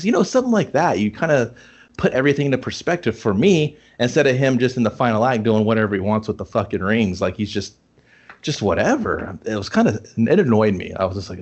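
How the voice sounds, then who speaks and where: A man's voice: mid-range voice, very animated, fast talker, a little mellow, breathy edge, lo-fi sound. A man in casual chat reviewing a movie, rambling and profane, acting out scenes. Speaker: podcast co-host reviewing a movie.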